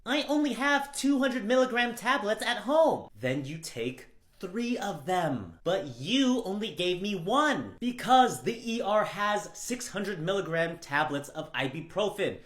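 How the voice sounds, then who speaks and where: A man's voice: high-pitched, animated, measured pace, fairly bright tone. A man acting out a comedy skit of hospital scenes, flipping between an exasperated staffer and clueless characters. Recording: echoey room.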